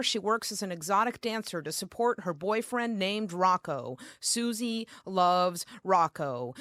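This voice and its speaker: A woman's voice: on the high side, fairly bright tone, dry recording. Woman, spoken-word poet, brash and profane, comic storytelling, dry close-miked sound. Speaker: performance poet.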